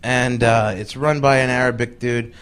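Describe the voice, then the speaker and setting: A man's voice: medium pitch, steady tone, normal speed, fairly bright tone. A male comedian telling a story on stage in a chatty way, full of fillers and laughs, before a live audience. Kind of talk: stand-up storytelling. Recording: live recording with audience noise.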